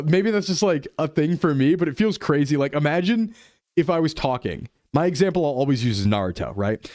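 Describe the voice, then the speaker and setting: A young man chatting casually while streaming a game, playful and quick to drop into goofy voices. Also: fairly high pitch, a little mellow, dry recording, studio quality. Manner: playful, jumps into goofy voices and dub impressions. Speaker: VTuber streamer. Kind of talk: casual gaming chat.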